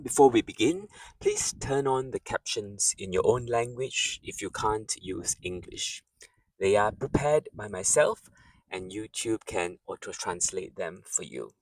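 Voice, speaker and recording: A man teaching a beginners' language lesson, speaking slowly and clearly and modeling words for the listener to repeat. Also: medium pitch, dry recording, distant mic. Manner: patient, drawn-out teaching delivery, models words for repetition. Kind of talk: slow, clear spoken lesson.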